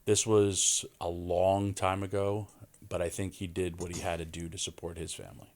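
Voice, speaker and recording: Forties New man, low-pitched, animated podcast guest storyteller. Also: moderate pace. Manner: animated storyteller, acts out quoted voices. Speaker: wrestling guest.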